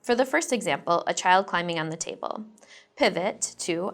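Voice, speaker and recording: A woman trainer giving scripted instructional narration in a measured way, clearly reading out example phrases. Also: fairly low pitch, lively intonation, a bit bright.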